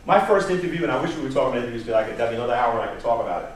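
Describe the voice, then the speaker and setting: A man, giving an animated talk at a staff workshop, telling stories and repeating words as he goes. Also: medium pitch, racing. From New York area. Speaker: job search presenter. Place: meeting room. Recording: echoey room from far off, faint noise.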